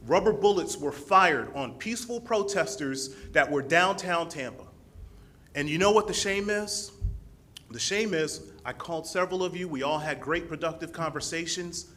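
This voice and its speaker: A man's voice: a little high, moderate pace. Indignant man at a council podium. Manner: forceful, rising indignation. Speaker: public commenter. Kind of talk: impassioned public comment. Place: city council chamber.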